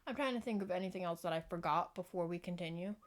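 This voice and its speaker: A woman's voice: on the low side, fast talker. A young woman vlogging to camera at home into a microphone, rambling casually, giggling and often apologizing. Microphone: external microphone.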